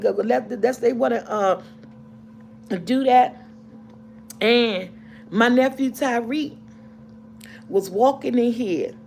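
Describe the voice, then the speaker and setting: Gravelly-voiced woman vlogger, heartfelt and rambling. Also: fairly high pitch, a little hiss or hum. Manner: rambling and heartfelt, restarts and repeats. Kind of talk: casual storytelling chat to camera.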